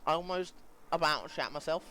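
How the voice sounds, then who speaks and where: A man's voice: a little high, normal speed, pushed and bright, slight background noise. A man co-commentating a sim racing session, easygoing, laughing along and reading out the timings. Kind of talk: live esports co-commentary.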